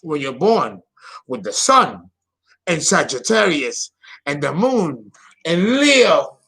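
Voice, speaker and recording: A man's voice: a little high, big pitch swings, slow pace, gravelly, sharp tone. A man hosting an astrology channel, talking casually and theatrically, often exclaiming and laughing at himself. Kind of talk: casual solo astrology talk.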